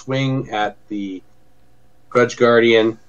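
A man running an online tabletop game as game master, talking haltingly and often saying okay. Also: mid-range voice, fairly even intonation, muffled recording.

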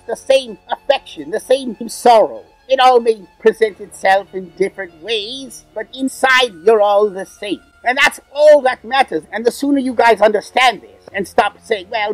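A man's voice: high voice, no room sound, close to an everyday voice, low-quality recording. A man voicing a sneering, cackling male demon villain in an in-character comedic rant. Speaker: comedy ranter.

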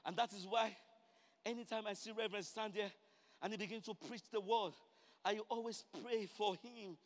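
A man preaching a sermon, building from quiet explanation to shouted, repeated refrains. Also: steady tone, normal speed. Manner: builds from low talk to shouted climaxes, repeats phrases. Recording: long hall reverb.

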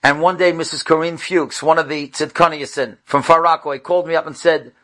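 High-voiced man telling a story. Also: brisk. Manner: animated, voice jumps high at dramatic moments; sprinkles Hebrew and Yiddish terms. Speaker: rabbi. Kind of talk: storytelling talk.

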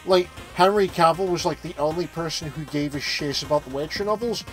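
A man's voice: on the high side, fairly quick, fairly bright tone, soft background music, poor audio. A man ranting and swearing in a casual chat while playing a video game on stream. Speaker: let's play commentator. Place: home streaming setup. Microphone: streaming microphone.

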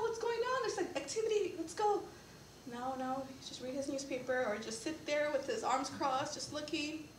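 A high-pitched woman giving a eulogy at a memorial service, with emotion catching in her voice as she laughs through tears and apologizes. She is picked up from a distance in a reverberant church with a faint hiss underneath. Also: a bit bright. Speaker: resident services director at a senior living community. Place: church sanctuary.

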